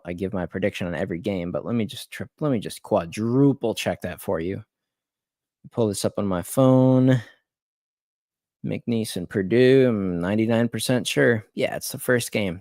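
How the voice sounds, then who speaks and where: Agitated, swearing sports-betting streamer. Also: male voice, fairly low pitch, darkish tone, no room sound, clean studio sound. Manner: agitated, swearing, repeats words. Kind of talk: late-night live stream rant.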